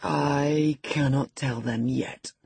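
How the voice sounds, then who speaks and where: Woman reading clumsy young country man, slow drawl, husky low voice. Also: fairly even intonation, a little mellow, dry recording, heavily acted. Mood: awkward.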